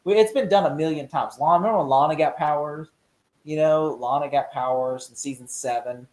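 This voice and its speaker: Excitable man in an echoey room. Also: a little fast. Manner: excitable, laughs often, acts out scenes in high voices. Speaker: podcast co-host. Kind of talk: casual chat.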